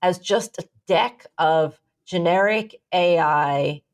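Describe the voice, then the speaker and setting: A woman co-hosting a podcast, telling a long story in casual chat, animated and rambling, swearing freely. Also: fairly low pitch, slow pace. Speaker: podcast co-host.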